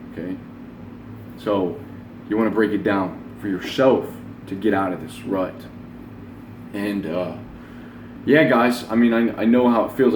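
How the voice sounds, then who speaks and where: A man's voice: fairly low pitch, darkish tone, a little hiss or hum. A man in his twenties giving a blunt, rambling motivational talk and swearing freely. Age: 20s. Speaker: self-help vlogger. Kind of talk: casual motivational monologue. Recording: roomy echo, voice from the mic.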